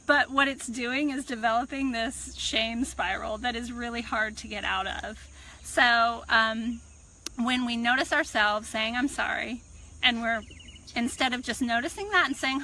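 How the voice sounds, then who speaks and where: A woman, a personal growth coach, giving a calm, reflective self-help talk to camera outdoors on a farm. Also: fairly high pitch, poor audio. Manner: calm, reflective, unhurried teaching. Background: birds and crickets.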